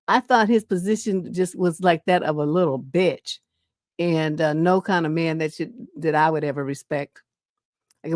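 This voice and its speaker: A woman host, telling stories on a casual livestream in a blunt, profane, animated way. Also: deep voice, no echo, clean studio sound. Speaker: relationship coach, live stream host.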